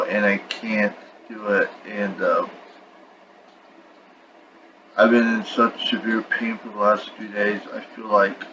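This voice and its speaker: A man's voice: lowish voice, noisy background. A young man venting about his health in a frustrated, rambling way, talking casually to camera at home. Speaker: vlogger. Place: at home with his dog on his lap.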